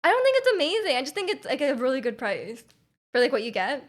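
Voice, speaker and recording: A woman with a Canadian accent, chatting casually with viewers on a stream, full of fillers and restarts and quick to laugh. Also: sits high, big pitch swings. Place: home room.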